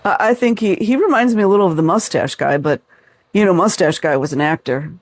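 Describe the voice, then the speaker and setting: Male host, mocking and sarcastic, higher voice, dry close recording. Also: brisk, no room sound. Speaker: video host reading book reviews. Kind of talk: casual commentary.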